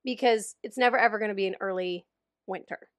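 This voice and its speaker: A woman's voice: medium pitch, brisk, fairly bright tone. A young woman co-hosting a podcast in casual chat, laughing often and swearing freely. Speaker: podcast co-host.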